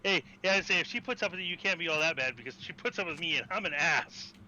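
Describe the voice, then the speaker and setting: High, bright-voiced joking man. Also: animated, quick pace, lo-fi sound. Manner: joking, laughs often, teasing. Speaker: friend in voice chat. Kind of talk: casual chat.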